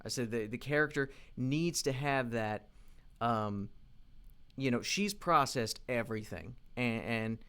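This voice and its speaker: A man with a mid-range, fairly bright, clean-toned voice keeps a measured pace in his casual work vlog. As an independent animation creator, he thinks aloud while animating, rambling through frequent restarts and fillers.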